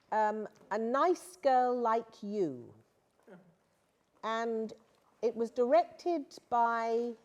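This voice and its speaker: A woman actress visits a school and chats with the children in a playful, teasing way. Her voice sits high and swoops widely, and she speaks slowly. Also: darkish tone. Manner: playful, self-mocking, teasing. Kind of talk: casual chat with schoolchildren.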